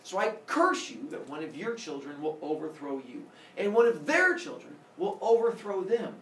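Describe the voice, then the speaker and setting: A man's voice: sits high, very animated, normal speed, a bit bright, a little hiss or hum. A nervous old sky father god stammers and hedges, as a male teacher voices him. His voice rises and falls a lot. He is heard from the back of an echoey classroom. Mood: solemn. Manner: hesitant, stammering. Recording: echoey classroom, camera far off.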